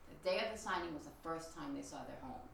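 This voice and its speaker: Chatty woman tour guide with a low, gravelly voice, telling ghost stories, recorded from a distance in an echoey room. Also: quick pace, slight background noise. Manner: chatty, animated storytelling with quoted voices. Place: old house, indoors.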